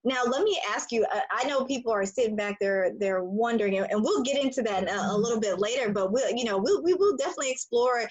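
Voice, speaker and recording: A woman's voice: fairly high pitch, lively intonation, fast, hardly any pauses, rough recording. A woman in her thirties hosting a casual interview show, chatty and upbeat, often restarting as she begins a thought. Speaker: show host.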